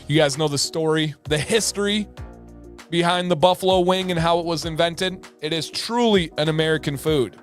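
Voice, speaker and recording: A man hosting a livestream in casual chat, energetic and talkative, often repeating words for emphasis. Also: on the high side, moderate pace, soft background music. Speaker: livestream host.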